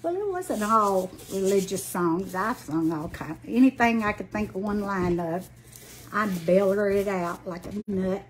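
A woman's voice: medium pitch, unhurried, slight background noise. A woman in her late sixties with a Southern Alabama accent, hosting a casual craft livestream and chatting folksily while she works. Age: 60s. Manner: folksy, chatty, greets viewers by name.

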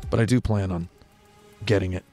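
A man hosting a casual interview in a small studio, deadpan and rambling, with music behind. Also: sits low, fairly quick. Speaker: host.

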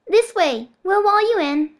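A woman's voice: extremely high pitch, expressive, unhurried, voice pushed up. Woman doing a sing-song creepy little girl. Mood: coaxing. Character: sweet, creepy girl surgeon, cheerfully menacing.

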